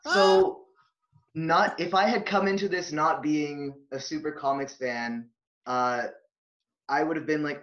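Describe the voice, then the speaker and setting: Animated male podcast host, higher voice, swears freely, dull lo-fi sound. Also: slow pace. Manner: animated ranting, swears, loud laughs. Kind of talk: casual movie review chat. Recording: dull lo-fi audio.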